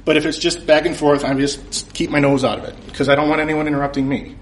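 A man's voice: a little high, fast talker, very noisy. A man telling a funny personal story to a crowd, laughing often and poking fun at himself. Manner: animated, laughing often, self-mocking. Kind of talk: comic personal story told to an audience.

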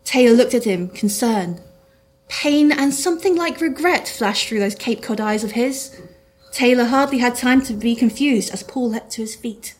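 A woman's voice: fairly high pitch, moderate pace. A woman reading her own comic detective story aloud to a live audience, with a dry delivery.

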